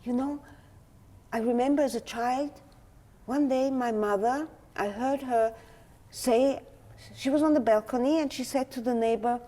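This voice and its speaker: Slow, reflective middle-aged woman scholar. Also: on the high side, mellow. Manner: reflective, acts out quotes, many "you know" fillers. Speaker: guest scholar. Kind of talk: thoughtful discussion in an interview.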